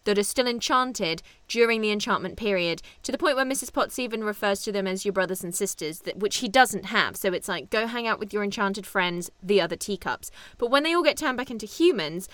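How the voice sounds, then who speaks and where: A woman co-hosting a casual podcast chat, expressive and laughing often as she explains at length. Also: medium pitch, fairly quick, few pauses, no echo. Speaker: podcast co-host.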